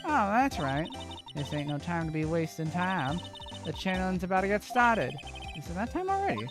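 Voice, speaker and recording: A woman's voice: big pitch swings, moderate pace. A woman voicing a brash young female photographer with a put-on Southern US accent, reading game dialogue aloud. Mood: excited. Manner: boisterous, drawling, high-pitched. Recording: game music behind. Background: game music.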